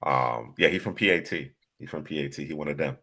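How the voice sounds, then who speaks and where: A man's voice: rumbling low, fast talker, bright, forceful tone. A man co-hosting a football podcast, talking in a laid-back, casual way with stammered starts. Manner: laid-back, stammering, asks you know what I'm saying. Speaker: podcast co-host. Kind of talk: casual football scouting talk.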